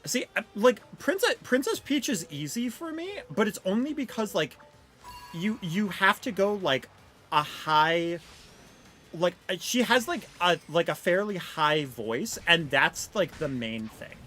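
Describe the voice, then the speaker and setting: A young woman live-streaming a game, chatting casually and self-deprecatingly with lots of fillers, her voice fairly deep. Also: sing-song, unhurried, a bit bright, faint music behind.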